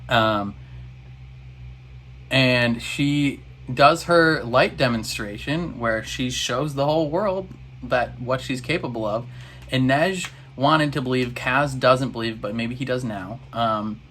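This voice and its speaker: A man's voice: medium pitch, slow pace, a bit bright, a little hiss or hum. Rambling man recapping a show. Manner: rambling and exasperated. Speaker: reaction video host. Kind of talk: casual episode recap.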